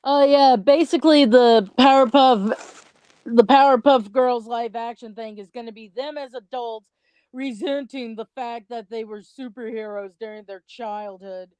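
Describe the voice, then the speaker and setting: A woman's voice: a little high, steady tone, measured pace, darkish tone, clear, resonant tone, no echo. A young adult woman co-hosting a commentary video, chatty, rambling and a little self-conscious in casual chat.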